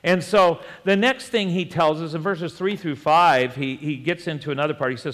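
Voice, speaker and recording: A man preaching a sermon in a conversational way, with joking asides and chuckles and slow, deliberate scripture reading. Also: on the high side, fairly bright tone, big-room sound. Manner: reads scripture slowly and deliberately. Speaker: pastor.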